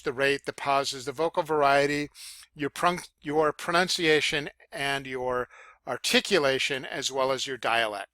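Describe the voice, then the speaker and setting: A man teaching public speaking in a casual lecture, with fillers and self-corrections, demonstrating loud, soft, high and low voices as he explains. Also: no room sound. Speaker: college speech instructor. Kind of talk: recorded lecture.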